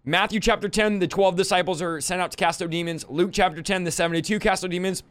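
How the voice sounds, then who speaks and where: Hosting his podcast, a fast-talking man with a high-pitched, slightly bright voice and steady tone preaches a fiery monologue. He is rowdy and emphatic, listing scripture references one after another in a rhythmic stream.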